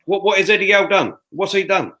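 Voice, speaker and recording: A man, co-hosting a fan podcast, ranting loudly and emphatically. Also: high-pitched, fairly quick, poor audio. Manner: loud, fuming, emphatic. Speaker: fan show co-host. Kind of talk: heated fan podcast rant. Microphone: headphones and studio mic.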